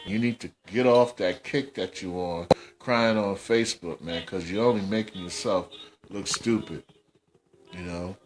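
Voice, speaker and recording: A man's voice: deep voice, unhurried, music in the background. A man hosting a casual commentary podcast, scolding in slangy, repetitive talk. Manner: scolding, slangy, repeats himself. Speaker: host.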